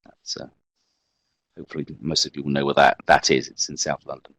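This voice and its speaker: Deep-voiced male lecturer with wry asides. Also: level tone, a little fast, fairly bright tone, breathy edge, no room sound, rough recording. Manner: discursive with wry self-mocking asides. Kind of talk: recorded history lecture.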